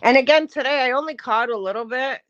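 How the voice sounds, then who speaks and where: A woman with a slightly high voice rants at her livestream chat, blunt and profane. The sound is dull and lo-fi. The room is dry and close. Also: fast, a bit bright, dry recording. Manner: combative, profane, talking back to chat. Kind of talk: casual livestream rant.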